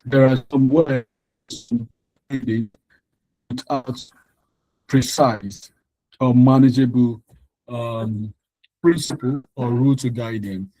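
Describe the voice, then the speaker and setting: A man's voice: medium pitch, steady tone, slow pace, long pauses, warm tone, dry recording, rough recording. A male tutor explaining exam material in an online lesson, sharing his screen, repeating phrases with frequent ums and restarts.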